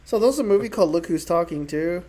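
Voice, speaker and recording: A man in casual group chat, hesitant and filling pauses with uh. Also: high voice, expressive, mellow. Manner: hesitant, many uh fillers.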